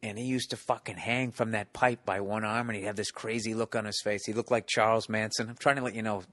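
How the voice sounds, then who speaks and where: A man's voice: on the low side, fast, no room sound. A man in his forties with a Boston accent, telling stand-up stories in casual chat, swearing a lot and acting out the people in them. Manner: animated storyteller, profane, acts out yelling hecklers. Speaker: stand-up comedian telling a story.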